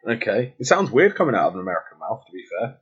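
This Englishman with a London accent chats casually but hesitantly, restarting often. His voice is lowish, husky and sing-song, and he races along on dull lo-fi audio.

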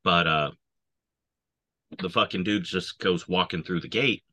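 Very deep, bright, cutting man, profane veteran storyteller. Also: measured pace. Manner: profane, swears constantly. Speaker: army veteran. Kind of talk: casual war storytelling.

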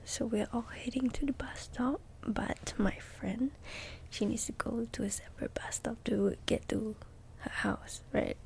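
A young woman with a slightly raised, congested voice talks in soft-spoken ASMR, mostly whispering. She moves slowly and rambles, tagging "okay?" onto her thoughts. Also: fairly high pitch, vocal fry. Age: young adult. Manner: chatty, rambling storytelling with frequent "okay?". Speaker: ASMR creator.

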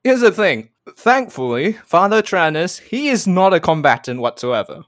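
A man's voice: high voice, very animated, moderate pace, fairly bright tone, no room sound, studio quality. A man narrating as game master of a tabletop game in a chatty way, with frequent laughs and stammering restarts.

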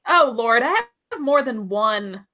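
Bright, chatty woman asking questions. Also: a little high, expressive, slow pace. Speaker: podcast co-host. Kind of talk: casual chat.

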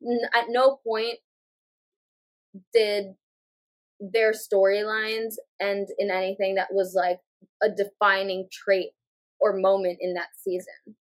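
A woman's voice: mid-range voice, little pitch movement, slow, pauses often. A woman co-hosting a podcast, reasoning aloud in casual chat with many fillers. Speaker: podcast co-host.

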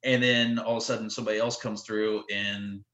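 A guest on a podcast tells tour stories in a casual, animated way, using lots of "like" and acting out quotes. His voice is on the low side and fairly quick, and the audio sounds dull with a roomy echo.

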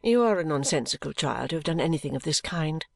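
A serene, self-absorbed mother speaks in a calm, clear voice , as a woman reader puts her on. She sits a touch low and unhurried, dismissing everything with composure. The sound is dry and close, with no room around it. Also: no echo, heavily acted. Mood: serene, dismissive.

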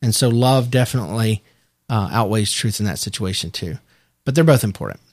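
A man's voice: on the low side, animated, fairly quick, darkish tone, no echo, clean studio sound. A man co-hosting a casual podcast, speaking in an earnest, reflective way. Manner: earnest, reflective, talks about faith. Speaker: podcast co-host. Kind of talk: casual chat.

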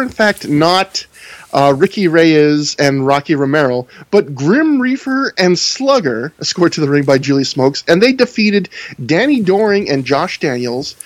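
A man's voice: fairly high pitch, no room sound. A man co-hosting a podcast, telling stories wryly and reading match results. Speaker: podcast co-host. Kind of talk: casual chat and reading news.

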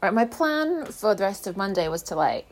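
A woman's voice: medium pitch, very animated, moderate pace. A young woman vlogging, telling her day in a chatty, sarcastic way. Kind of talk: casual chat.

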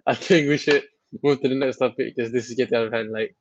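A man hosting a podcast in casual chat, teasing and animated, with lots of fillers. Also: mid-range voice, fairly quick, lo-fi sound, slight background noise. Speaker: podcast host.

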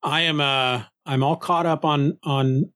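A man talking casually as a podcast cohost, enthusiastic and lively, often restarting his sentences. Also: on the high side, measured pace. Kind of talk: casual conversation.

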